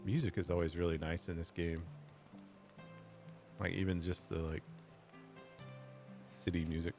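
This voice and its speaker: A man with a fairly low voice chatting casually while he plays a video game on stream. He tosses off amused little asides as soft game music plays in the background. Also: little pitch movement, moderate pace, long pauses. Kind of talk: casual gameplay commentary.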